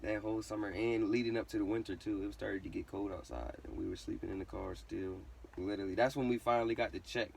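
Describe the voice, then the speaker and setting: A man's voice: fairly low pitch, fairly even intonation, quick pace, vocal fry, few pauses, a little mellow, recorded from a distance, slight background noise. A young man casually telling a personal story, full of slang and swearing, who says literally constantly. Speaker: vlogger.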